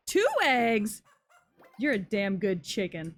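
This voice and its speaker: A woman's voice: medium pitch, lively intonation, normal speed, long pauses, slight background noise. A young woman streaming a farming game, chatting casually, swearing freely and singing to herself. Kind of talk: casual gameplay commentary.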